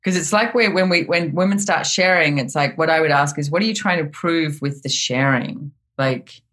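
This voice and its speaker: A woman with a notably low speaking voice chats as a podcast guest and spins animated stories from her own life. She fills her talk with "it's like" and "you know.". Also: moderate pace. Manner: animated storytelling with frequent "it's like". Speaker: guest author. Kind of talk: casual podcast conversation.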